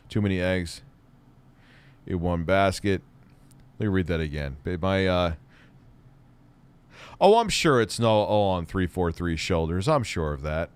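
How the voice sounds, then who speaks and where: A man's voice: deep voice, clean tone. A man hosting a casual livestream Q&A, reading viewer questions aloud and answering in a rambling, profane way.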